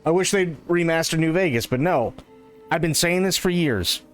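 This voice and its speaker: A man's voice: a little high, expressive, moderate pace, faint music behind. A man ranting profanely in casual live-stream chat.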